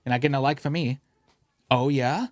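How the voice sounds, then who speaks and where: A young man co-hosting a casual podcast, telling stories in an animated way with lots of slang and swearing, sometimes mimicking other people's voices. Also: mid-range voice, a little fast, dry recording. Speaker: podcast co-host.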